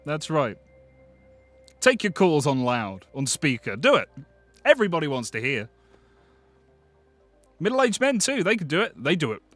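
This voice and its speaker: A British man hosting a live stream, chatting casually with viewers, excitable and swearing freely. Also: on the high side, normal speed, no echo, faint music behind. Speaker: livestream host.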